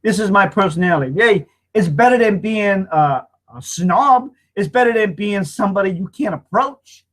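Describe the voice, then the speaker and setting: A man's voice: high-pitched, expressive, normal speed, hardly any pauses, fairly bright tone. Earnest rambling man in his fifties. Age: 50s. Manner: rambling, earnest, repeats himself. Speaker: marketing hangout host. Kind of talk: casual heartfelt monologue.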